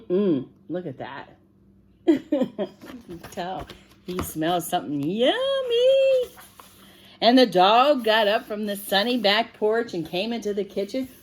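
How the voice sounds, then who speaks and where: A woman reading a picture book aloud to children in a gentle, expressive way, stopping to ask the listener questions. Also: mid-range voice.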